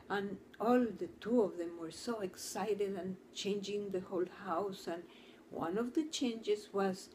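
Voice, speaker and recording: A woman's voice: medium pitch, a little mellow, a little hiss or hum. A woman therapist telling a client's story to camera in an earnest, storytelling manner. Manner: earnest, storytelling, slow and deliberate. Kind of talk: talk to camera.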